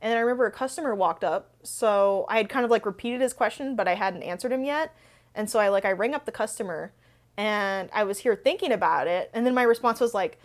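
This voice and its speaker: On her book channel, a young woman speaks briskly at medium pitch, telling stories casually in a Q&A format. Her delivery rambles and is packed with fillers.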